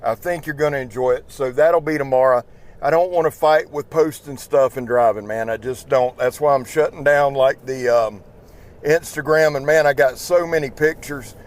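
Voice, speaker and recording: A man's voice: medium pitch, moderate pace. A tired man with a Southern accent, chatting casually and rambling in a folksy, profane way while driving his pickup truck. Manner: rambling, folksy, swears freely. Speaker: YouTube knife channel host. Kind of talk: casual driving vlog chat. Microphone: small microphone in the truck.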